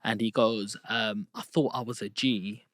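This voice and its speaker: A man in his thirties talks casually in a podcast booth, his voice sitting low. He tells lively stories and acts out what other people said. The sound is dry and close, with no room in it. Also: unhurried, no room sound. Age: 30s. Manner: lively storyteller who acts out quoted dialogue. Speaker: guest, property investor.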